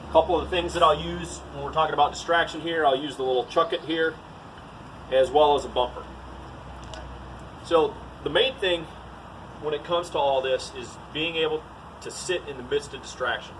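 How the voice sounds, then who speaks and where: A man's voice: on the high side, moderate pace, distant mic, noisy background. Plain-spoken male dog trainer outdoors. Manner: plain, to-the-point, says "all right" often. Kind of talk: casual outdoor training demo.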